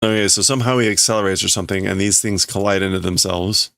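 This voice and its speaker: A man's voice: deep voice, fairly even intonation, fast, no echo, clean studio sound. A man hosting a casual livestream, thinking aloud as he reads and translates a manga. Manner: musing, thinking aloud, laughs softly. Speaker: livestream host.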